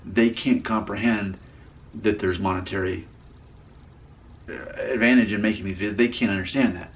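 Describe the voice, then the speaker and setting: Gravelly low-voiced man vlogging. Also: steady tone, moderate pace. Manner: reads viewer comments aloud with dry rebuttals; talkative, repeats and restarts phrases. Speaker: YouTube creator. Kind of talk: casual vlog commentary.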